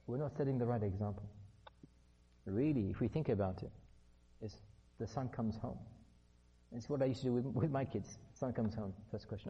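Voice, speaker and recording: Earnest middle-aged man with a husky voice. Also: medium pitch, fairly quick, long pauses, mellow, muffled recording. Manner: earnest, repetitive emphasis, acts out dialogue. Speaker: religious speaker. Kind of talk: religious lecture on parenting.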